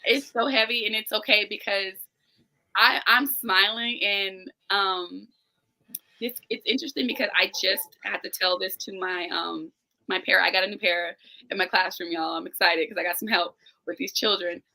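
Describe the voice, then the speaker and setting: A woman's voice: mid-range voice, steady tone, moderate pace, gravelly, pushed and bright, rough recording. A woman in her thirties, a teacher and guest, speaking candidly and emotionally on a live-stream call, close to tears and talking straight to listeners. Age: 30s. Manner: earnest, emotional, addresses listeners directly. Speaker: guest, teacher and business owner. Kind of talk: candid personal conversation. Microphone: remote live-stream call.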